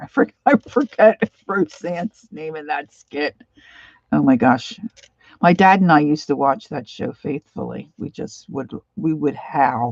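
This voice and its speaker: Hosting an art livestream, this middle-aged woman from Pennsylvania paints while she talks in a chatty, meandering way, her Pennsylvania accent clear and her asides fondly nostalgic. She has a deep voice, and the audio is muffled with no echo.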